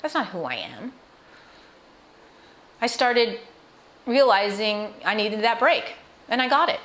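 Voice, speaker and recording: A middle-aged woman talking straight to the viewer in a personal vlog. Her delivery is earnest and emotional, full of restarts, asides and direct questions to the listener. Her voice sits at an ordinary pitch for a woman. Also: lively intonation, slow, a bit bright. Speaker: cancer patient sharing her experience. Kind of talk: personal vlog talk to camera.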